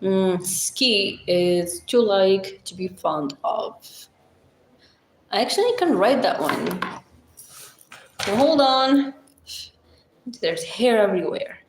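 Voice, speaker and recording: A woman hosting a casual livestream, chatting with viewers and rambling through simple language explanations with plenty of fillers. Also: medium pitch. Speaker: livestream host. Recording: echoey room.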